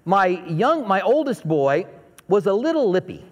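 Brief: a middle-aged male preacher with a high voice, casual and anecdotal, in a church hall with long reverb. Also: very animated, a little slow. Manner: conversational, anecdotal, asks the audience questions. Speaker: pastor. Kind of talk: sermon.

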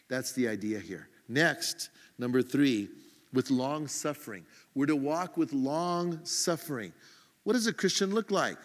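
A man from the United States preaching a sermon in a casual, self-mocking way, acting out his own irritation in quick asides. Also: mid-range voice, in a large hall. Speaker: pastor.

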